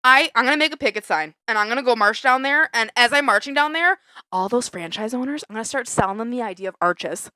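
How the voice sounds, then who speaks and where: A woman's voice: fairly high pitch, animated, fast talker, pushed and bright, no room sound. A woman co-hosting a podcast, angry and ranting in casual chat, swearing and laughing, on a close microphone. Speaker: podcast co-host.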